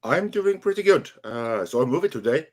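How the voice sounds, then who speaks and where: A man's voice: medium pitch, animated, a little fast. A man on a panel, asking wry, sarcastic questions in casual chat. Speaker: regular panelist.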